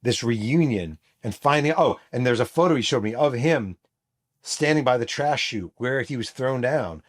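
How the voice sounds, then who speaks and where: A man's voice: medium pitch, animated, normal speed. A middle-aged man hosting his own show, telling a story in an emphatic monologue that acts out the people he quotes. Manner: emphatic, re-enacts quoted voices. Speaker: host, author and journalist.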